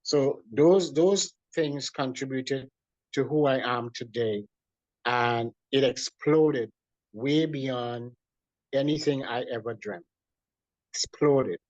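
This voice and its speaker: A man's voice: mid-range voice, slow, dry recording. Man telling a story, dull dry recording. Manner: animated storyteller with repeated restarts. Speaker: guest. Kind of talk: personal storytelling in an interview.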